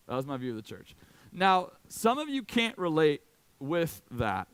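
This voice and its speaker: A man's voice: a little high, sing-song, moderate pace, fairly bright tone, smooth, no room sound. A man in his late twenties from Indiana, a youth pastor giving a casual, self-deprecating talk full of personal stories. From Indiana, USA. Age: late 20s. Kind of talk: sermon with personal storytelling.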